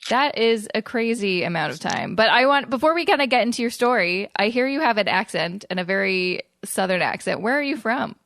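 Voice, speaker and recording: A woman's voice: mid-range voice, lively intonation, vocal fry, a bit bright, no room sound, studio quality. A Canadian woman hosting a podcast interview, upbeat and chatty. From Vancouver, Canada. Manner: upbeat, chatty, quick to laugh. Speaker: podcast host. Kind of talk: casual interview chat.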